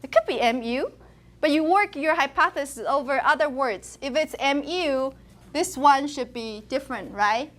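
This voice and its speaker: High-voiced woman lecturing. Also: moderate pace. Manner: animated storyteller, laughs often. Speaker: university linguistics lecturer. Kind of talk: university lecture with anecdotes.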